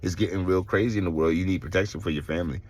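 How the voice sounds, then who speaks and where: A middle-aged man, telling his own story in a casual vlog, animated and swearing, acting out other people's voices. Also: low voice, very fast. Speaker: vlogger.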